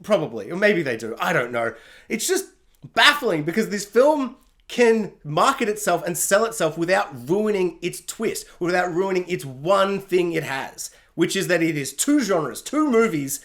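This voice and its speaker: A man with a notably high voice rants through a solo film review, animated and exasperated. He mocks himself as he goes and keeps breaking into laughter at his own fuss. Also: normal speed. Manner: animated, exasperated, self-mocking; laughs at himself mid-rant. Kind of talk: ranting solo video review.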